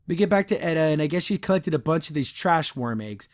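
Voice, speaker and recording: A man's voice: fairly high pitch, animated, fast. A man hosting a podcast, giving a casual, blunt and critical review of a cartoon episode. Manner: retells scenes, briefly imitating characters.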